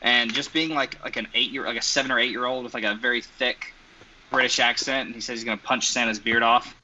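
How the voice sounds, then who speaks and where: A man's voice: mid-range voice, steady tone, quick pace, bright, forceful tone, lo-fi sound, slight background noise. A man from North Carolina, a guest on a podcast, telling rambling stories in casual chat. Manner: rambling storyteller, many "like" fillers.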